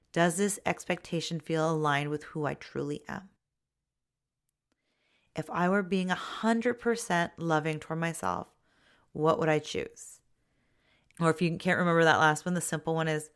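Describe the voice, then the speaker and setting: A woman coaching listeners through self-help steps, speaking gently and straight to them, sometimes acting out their self-talk. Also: low-pitched. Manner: acts out inner voices and self-talk in quotes. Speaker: life coach.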